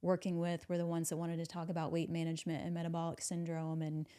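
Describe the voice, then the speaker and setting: A woman doctor hosts a podcast in casual conversation. Her voice is smooth and resonant and sits low for a woman. Her delivery is measured, with light fillers. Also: completely flat delivery, dark tone. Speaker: physician and podcast host.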